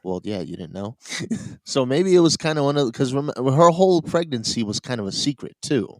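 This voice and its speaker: A man's voice: mid-range voice, big pitch swings, brisk, no echo, rough recording. A man co-hosting a podcast, chatting casually and rambling, often laughing at his own points. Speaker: podcast co-host. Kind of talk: casual chat.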